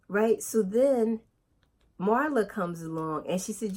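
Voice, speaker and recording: A woman chatting casually to her viewers in a knitting vlog, animated and talking straight to her audience. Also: on the low side, unhurried. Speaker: knitting vlogger.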